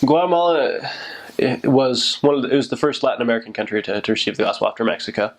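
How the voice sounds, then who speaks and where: Casual recollection, young man of middling pitch, rambling and self-correcting. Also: expressive, fast talker. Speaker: returned missionary.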